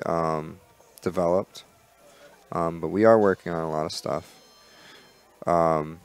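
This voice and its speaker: A man co-hosting a podcast in casual chat, relaxed and rambling, with many fillers and restarts. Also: low-pitched, vocal fry. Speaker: podcast co-host.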